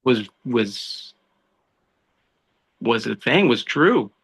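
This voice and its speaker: Gravelly, bright-voiced man telling stories. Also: mid-range voice, extremely slow. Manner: animated storytelling, says dude and bro a lot. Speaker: guest, law enforcement officer. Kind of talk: casual podcast conversation.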